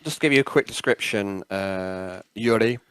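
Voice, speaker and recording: A man narrating as game master of a tabletop game, halting and full of fillers. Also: on the low side, fairly bright tone, a little hiss or hum. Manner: halting, many fillers, laughs at himself.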